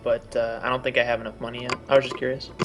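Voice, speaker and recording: Hesitant male player, mid-pitched. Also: flat delivery, rapid-fire, over music. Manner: hesitant, many fillers. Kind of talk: casual chat during a tabletop game.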